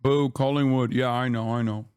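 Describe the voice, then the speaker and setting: A man's voice: medium pitch, steady tone, normal speed, a little mellow, clear, resonant tone, no echo, studio quality. A man giving casual, profane commentary on news clips, incredulous and sarcastic as he reacts. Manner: incredulous, sarcastic, swears often.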